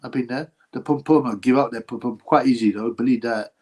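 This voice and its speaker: A man's voice: mid-range voice, brisk, a little mellow, slightly rough. A man hosting a casual boxing livestream, rambling, slangy and mocking, often laughing as he talks. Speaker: boxing channel host.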